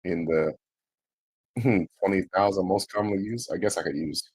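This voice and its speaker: A man's voice: low voice, normal speed, a little mellow, husky, dry recording. A man streaming, chatting casually, swearing freely and sounding out foreign words syllable by syllable. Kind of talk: casual livestream chat.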